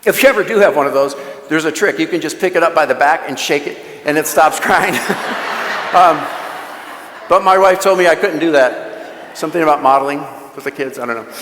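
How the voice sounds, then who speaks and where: Male mission speaker with a high voice, chatty storyteller with jokey asides, recorded in a roomy, echoing church. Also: a little fast, background noise. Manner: storytelling with joking asides to the audience. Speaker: guest speaker at a parish mission. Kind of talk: conversational talk at a church mission. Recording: echoey church with long reverb.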